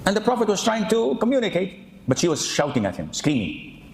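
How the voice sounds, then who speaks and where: A man preaching an animated, humorous sermon, often acting out the people he quotes. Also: high voice, fairly quick, creaky. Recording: echoey room.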